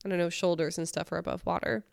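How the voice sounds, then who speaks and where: A woman's voice: fairly low pitch, fairly even intonation, fast, gravelly, no room sound, clean studio sound. A woman co-hosting a podcast, casually retelling a creepy story with loose phrasing full of likes and I don't knows. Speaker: podcast co-host. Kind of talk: casual chat.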